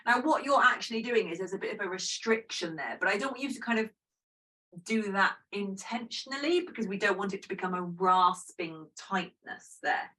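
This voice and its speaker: A woman talks a yoga class through breathing, gentle and chatty with a self-deprecating streak. Her voice sits at a middle pitch. She sounds set back a little from the microphone. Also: animated, normal speed, distant mic, low-quality recording. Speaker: yoga teacher. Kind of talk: guided breathing instruction.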